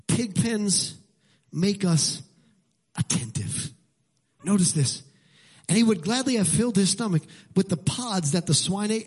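A man preaching a sermon as pastor, building to shouted lines. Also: sits high, husky.

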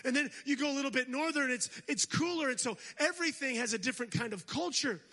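A man's voice: very high-pitched, fast, sharp tone. A man preaching as a guest speaker at a church service, exhorting the congregation, calling for responses and adding humorous asides. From United States. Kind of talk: energetic sermon.

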